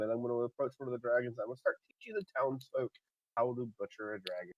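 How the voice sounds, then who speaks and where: A man's voice: mid-range voice, fast talker, dry recording, highs cut off. Hesitant man playing a tabletop game. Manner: hesitant, with restarts and laughter. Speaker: player. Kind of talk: tabletop role-play.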